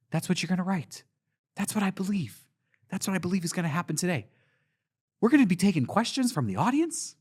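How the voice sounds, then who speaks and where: A man's voice: sits high, slightly rough, full character voice. A middle-aged man playing a cancelled, self-pitying voice actor who rambles and repeats himself in showman patter at a convention panel. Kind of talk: comedic character monologue at a panel.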